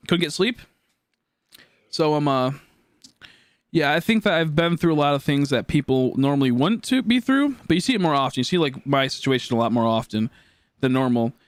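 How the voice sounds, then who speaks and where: A man's voice: mid-range voice, dry recording. Rambling young man streaming, dry sound. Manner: rambling, restarts often, swears when worked up. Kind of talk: casual live-stream chat.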